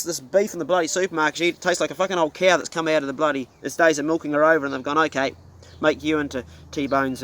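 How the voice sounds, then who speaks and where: A man's voice: a little high, a bit bright. A middle-aged man with a New Zealand accent, a hunting vlogger ranting casually to camera in a blunt, profane, folksy way.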